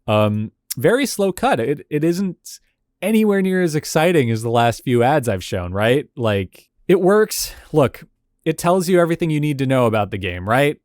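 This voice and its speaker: This host's voice is fairly high with big pitch swings and a darkish tone, delivered at normal speed in studio quality with no room sound. He reacts to and analyzes old game commercials in a casual video, thinking out loud, chuckling between remarks and leaning on "like" and "you know."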